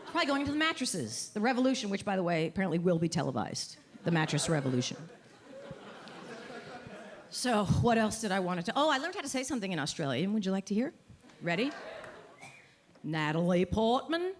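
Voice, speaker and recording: A middle-aged woman performing a stand-up set, wry and self-deprecating, rambling and then bursting out loudly. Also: medium pitch, very animated, quick pace. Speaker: stand-up comedian. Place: comedy club stage with live audience. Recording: live club recording with crowd noise. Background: audience laughter and cheering.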